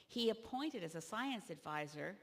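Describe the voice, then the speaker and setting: A woman from Canada, a party leader, giving an animated convention keynote speech that rises to loud emphatic peaks. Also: fairly low pitch, normal speed. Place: large convention hall. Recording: long reverb of a large hall.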